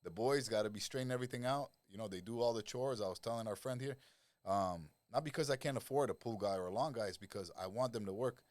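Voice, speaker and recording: There's no echo as this middle-aged man, a lifestyle coach guesting on a relaxed podcast, talks at a quick pace in a medium pitch. He acts out quoted people, tells stories with animation, and swears freely.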